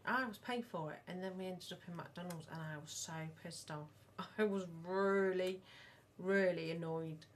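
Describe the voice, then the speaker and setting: A woman's voice: on the low side, normal speed. Chatty woman telling rambling stories. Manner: rambling, animated storyteller. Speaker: podcast co-host, mother of the other host. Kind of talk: casual chat.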